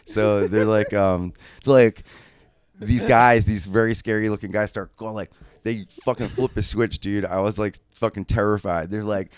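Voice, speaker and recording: A man's voice: lowish voice, moderate pace, clear, resonant tone, no echo. Chatty, foul-mouthed man telling a story. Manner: animated, profane, rambling with many fillers. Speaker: podcast co-host. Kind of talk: casual storytelling.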